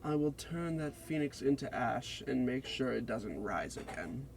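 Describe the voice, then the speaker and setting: A man's voice: medium pitch, expressive, measured pace, creaky, slight background noise. A man reading the lines of a cocky male fighter with electric powers, in his own plain voice and without an accent. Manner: plainly read, no accent attempted.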